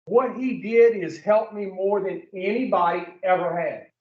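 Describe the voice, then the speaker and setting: A man's voice: sits high, a little slow, distant mic, muffled recording. Blunt man telling his story, echoey room. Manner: blunt, profane, direct storytelling; questions the room directly. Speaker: recovery speaker. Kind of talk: recovery talk to a group. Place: meeting room with a group.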